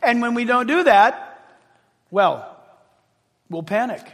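A man preaching a sermon as pastor, animated and conversational, often acting out quotes. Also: very high voice, takes it slowly, big-room sound.

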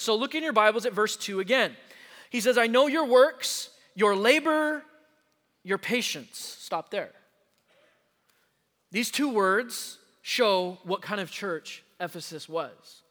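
A man pastor preaching a sermon to his congregation, emphatic and slowing down to stress key words, recorded in a church sanctuary. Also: high voice, pushed and bright. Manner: addresses the congregation directly. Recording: long hall reverb.

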